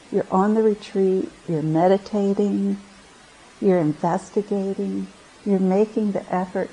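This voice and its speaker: A woman meditation teacher speaking slowly and unhurriedly in a gentle, reflective dharma talk. Her voice is warm and mellow, and she often pauses and restarts her phrases. She is talking at a retreat center. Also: mid-range voice, vocal fry, slight background noise, low-quality recording.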